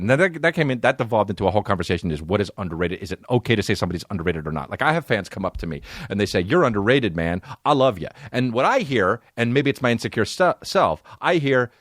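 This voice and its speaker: A man's voice: on the low side, big pitch swings, quick pace, hardly any pauses, a bit bright, dry recording, clean studio sound. A man in his forties hosting a podcast, telling profane comic stories and slipping into put-on voices. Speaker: podcast host. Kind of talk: comedic monologue.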